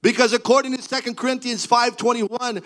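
A man preaching a sermon, building to fervent, half-sung cries, then dropping to a low, earnest delivery. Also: level tone, a little fast, poor audio. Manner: preaching with rising, shouted fervor. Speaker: pastor.

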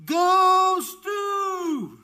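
A man voicing a relentless mother who yells nonstop for her son at a race, shouting as if through a megaphone. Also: extremely high pitch, animated, very slow, pitched above the performer's own voice, exaggerated voice. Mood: yelling.

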